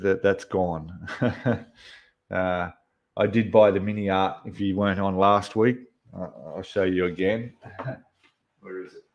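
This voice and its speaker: A man's voice: deep voice, creaky, highs cut off. Chatty man on a livestream. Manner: rambling, answering viewers' chat messages. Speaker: livestream host. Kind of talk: casual livestream chat.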